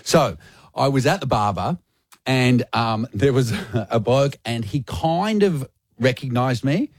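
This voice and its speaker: A man's voice: medium pitch, lively intonation, slow pace, no room sound, studio quality. An Australian man in his late thirties, a radio host telling a funny story on air and laughing at himself. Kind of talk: casual on-air banter. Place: radio studio.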